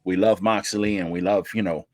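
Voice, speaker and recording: A man co-hosting a wrestling podcast in casual chat, animated and profane, acting out quotes with his voice jumping up. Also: moderate pace, dry recording, clean studio sound. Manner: animated, profane, acts out quotes with rising pitch. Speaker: podcast co-host.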